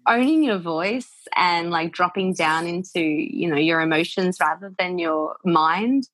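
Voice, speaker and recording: A woman's voice: on the low side, measured pace, a bit bright, no room sound. An Australian woman, a voice coach, explaining in a loose, encouraging way with plenty of fillers. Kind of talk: conversational interview.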